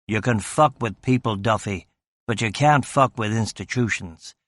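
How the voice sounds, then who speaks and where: A contemptuous American enforcer, as a male narrator puts him on, leaning on each threat. His American accent is flat and hard, the voice dry and close to the mic. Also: fairly low pitch, moderate pace, no room sound.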